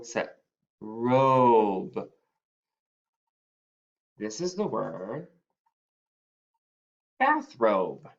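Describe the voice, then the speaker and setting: A male teacher giving a phonics spelling lesson, slowly stretching out the sounds of each word. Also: mid-range voice, highs cut off.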